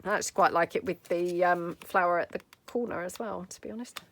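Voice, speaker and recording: Speaking a little fast in a lowish, steady voice, a woman works at her craft table while hosting a casual tutorial. The chat rambles along, heavy with "you know" fillers and warm side comments.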